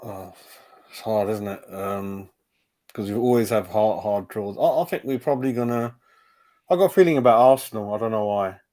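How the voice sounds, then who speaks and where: A man's voice: fairly low pitch, normal speed, mellow. A man from England in a casual football chat, chatty and asking questions, often saying mate. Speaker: podcast co-host.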